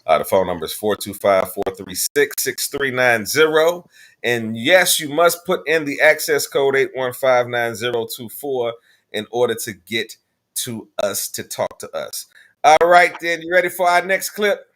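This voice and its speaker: A man's voice: mid-range voice, animated, a little slow, fairly bright tone. Blunt, profane male talk show host. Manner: blunt, profane, laid-back. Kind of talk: casual call-in show chat.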